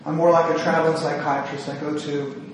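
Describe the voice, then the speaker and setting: In an echoey hall, caught by a distant mic with a little hiss or hum, a male psychiatrist speaks to a women's gathering. His talk is earnest and self-deprecating, slightly nervous, with restarted sentences, delivered flatly and fairly quickly in a voice on the high side.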